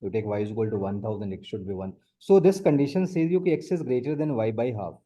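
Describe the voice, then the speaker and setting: A man's voice: fairly low pitch, lively intonation, quick pace, dark tone. A man tutoring math one on one, explaining step by step and repeating his points. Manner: explains step by step, repeats points, often says the student's name.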